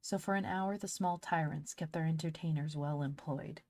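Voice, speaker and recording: A woman narrating a classic novel in a lively reading voice, stumbling now and then. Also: sits low, normal speed. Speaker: audiobook narrator.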